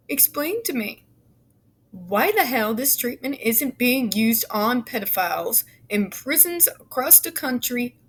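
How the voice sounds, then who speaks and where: A woman's voice: fairly high pitch, a bit bright. A woman reading a report aloud and breaking off into fiery, profane, sarcastic commentary, stumbling over her words now and then. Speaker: YouTube commentator.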